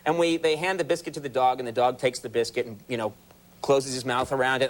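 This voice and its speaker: A man hosting a late-night talk show. He tells a comic story with animated delivery and acts out the voices of the people in it. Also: fairly high pitch, fast talker. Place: television studio.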